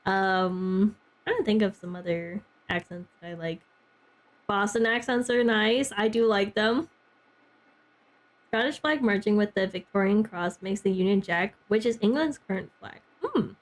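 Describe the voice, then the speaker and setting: A woman's voice: mid-range voice, measured pace. A young woman streaming a game, chatting casually with her chat and peppering her talk with "like" and little laughs. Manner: chatty, heavy use of "like", frequent laughs.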